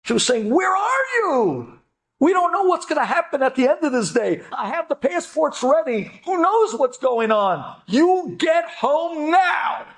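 A woman's voice: high-pitched, very animated, moderate pace. A man voicing a panicked wife on the phone, urging her husband to come home. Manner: urgent, pleading.

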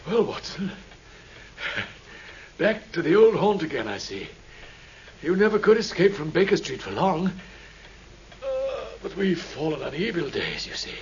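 An actor playing a feverish, commanding great detective with a clipped, imperious manner in a 1950s radio drama. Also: male voice, fairly high pitch, very animated, measured pace, long pauses, husky, exaggerated voice. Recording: dull lo-fi old radio recording.

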